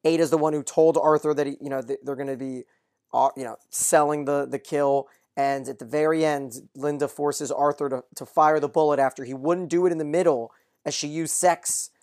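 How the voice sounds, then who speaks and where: A podcast host who reads listener mail and recaps a TV episode in a brisk, steady run of summary. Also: medium pitch.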